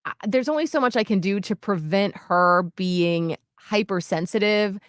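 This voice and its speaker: A woman's voice: medium pitch, moderate pace, no echo. Chatty woman co-host, dry close sound. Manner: animated, self-deprecating, talks in long run-on stretches. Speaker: radio co-host. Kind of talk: candid casual chat.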